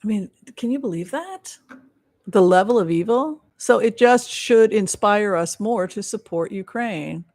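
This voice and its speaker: A woman's voice: medium pitch, expressive, measured pace, darkish tone. A woman hosting a casual tarot reading livestream, earnest and at times dropping to near whispers. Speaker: psychic livestream host.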